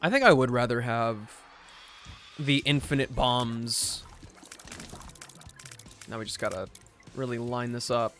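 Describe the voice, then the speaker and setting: A man's voice: medium pitch, slow, pauses often, a bit bright, faint music behind. A young man chatting casually on a gaming livestream, laid-back, reading chat aloud as he plays. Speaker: streamer.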